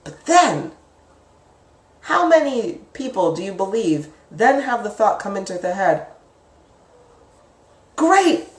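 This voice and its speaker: A woman's voice: sing-song, a little slow, distant mic. Chatty woman teaching in an echoey room. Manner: chatty, acts out inner voices with sudden high pitch jumps. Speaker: psychic teacher. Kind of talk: casual spoken lesson. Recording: echoey room, speaker away from the mic.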